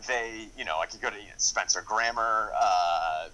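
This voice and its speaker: A man with a very low voice and a bright, forward tone talks casually as a screenwriter and director. He rambles eagerly, stacking fillers and restarting sentences. His enthusiasm runs through the whole conversation. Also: moderate pace, poor audio. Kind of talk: casual interview.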